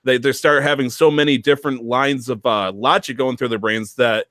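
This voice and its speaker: A man in casual gaming chat, rambling and jokey, now and then slipping into quick voices to act out scenes. His voice sits in a middling pitch and is recorded close and dry. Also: steady tone, fairly bright tone, dry recording. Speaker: podcast co-host.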